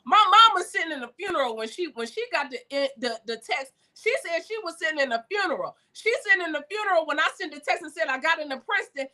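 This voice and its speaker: A woman giving a preacherly motivational talk, calling listeners baby and swinging from shouts to hushed lines. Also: very high voice, animated, fast, hardly any pauses. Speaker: motivational speaker.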